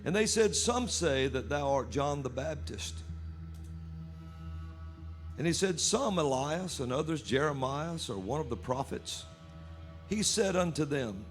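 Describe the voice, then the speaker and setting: A man preaching a sermon at a church service, reading scripture aloud with animated delivery. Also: medium pitch, measured pace, faint music behind.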